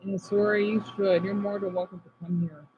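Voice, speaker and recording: A man from Arizona streaming casually, reading chat comments aloud and reacting, moving between subdued talk and excited outbursts. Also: high-pitched, fairly quick, phone-quality sound, a little hiss or hum.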